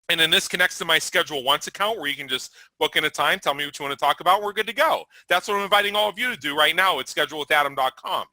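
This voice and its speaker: A man's voice: on the high side, lively intonation, fast, pushed and bright, dry recording, poor audio. A man hosting a webinar presentation, talking through his scheduling page and answering questions in an upbeat, salesy manner. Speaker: webinar host.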